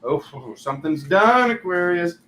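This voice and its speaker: Casting: male tarot host, fairly high voice, loose chatty delivery, echoey room. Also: lively intonation, a little slow, sharp tone. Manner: chatty, filler-heavy, laughs at himself. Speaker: tarot reader and channel host. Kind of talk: casual live tarot reading. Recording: echoey room, faint background noise.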